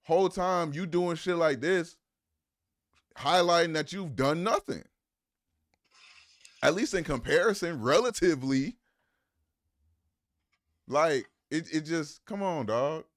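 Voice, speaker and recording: A man's voice: on the high side, expressive, takes it slowly, long pauses. A man streaming live, reacting to a clip with profane, mocking, incredulous commentary.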